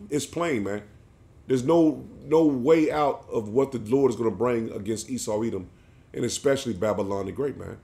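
A man's voice: mid-range voice, normal speed, creaky, mellow. Man, street preacher, emphatic sermon, repeats "man", mid-range voice. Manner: emphatic, ends phrases with "man".

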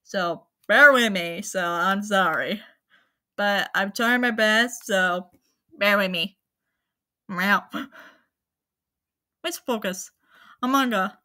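A woman hosting her own channel, talking casually to viewers in a halting, apologetic way, with many fillers and restarts. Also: medium pitch, pushed and bright. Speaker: anime channel host. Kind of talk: casual spoken rundown to viewers.

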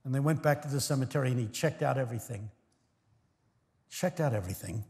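A man's voice: medium pitch, fast talker. Older man preaching in a reverberant church. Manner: animated storytelling, acting out congregation voices, swings between hush and shouts. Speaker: guest preacher. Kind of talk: sermon. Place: large church. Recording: long reverb of a large church hall.

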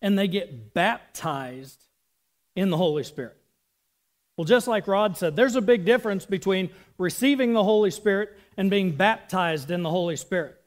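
High-voiced casual man preaching. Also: expressive, normal speed. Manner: casual, chatty preaching with asides and laughs. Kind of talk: sermon.

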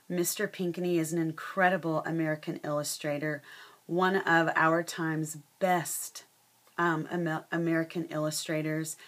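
Woman presenter, slow read-aloud, frequent fillers, lowish voice. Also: fairly bright tone. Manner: unhurried, with many fillers.

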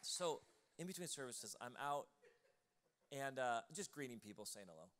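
A man's voice: medium pitch, big pitch swings, normal speed, a bit bright, slight background noise. A male pastor preaching a live sermon in a church, telling stories in a loose conversational way with laughing asides. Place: church auditorium, live service.

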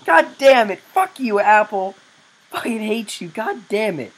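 A man's voice: high-pitched, very animated, unhurried, slightly rough. A young man playing a video game and commentating, screaming and swearing in frustrated outbursts. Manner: cries out in sudden loud outbursts. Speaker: gamer. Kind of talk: let's play gameplay commentary.

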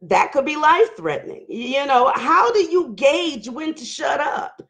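A hoarse woman hosting a casual livestream, talking loud and candid while she reads viewer comments. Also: high voice, very animated, normal speed. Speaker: livestream host. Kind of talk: casual live chat reading viewer comments.

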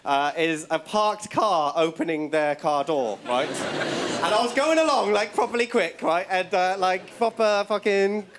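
A male stand-up comedian performs on stage for a studio audience, telling rambling stories and tagging his lines with "right?" to keep checking in. His voice sits high and his pace is measured, while loud laughter and crowd noise fill the recording.

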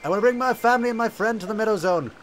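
A man's voice: sits high, animated, fast talker, slight background noise, voice pushed up. A man voicing a friendly male beaver-like creature from a game, with a wobbly put-on accent and chirpy politeness. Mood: chirpy, grateful.

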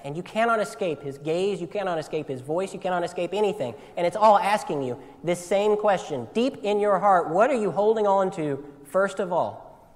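A man preaching a sermon in earnest, often repeating his words as he swings between loud appeals and hushed, tender lines. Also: on the high side. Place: church sanctuary. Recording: long church hall reverb.

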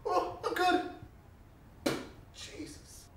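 A woman playing a careless litterer who is flustered, dismissive and swearing. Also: extremely slow. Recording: distant, echoey, loud noise behind.

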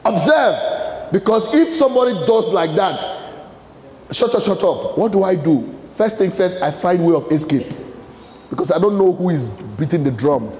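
A man's voice: high-pitched, expressive, normal speed, a little mellow. A Nigerian man giving a live leadership talk to an audience, quizzing them with fill-in-the-blank questions. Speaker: motivational speaker. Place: large hall with a live audience. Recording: echoey hall with long reverb.

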